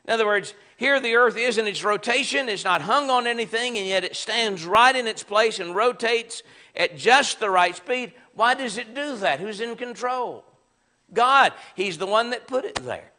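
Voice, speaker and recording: A man's voice: high-pitched, animated, moderate pace, sharp tone. A man with a Southern American accent teaching a Bible class in a conversational, emphatic way. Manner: conversational, emphatic, acts out sarcastic quotes. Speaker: preacher.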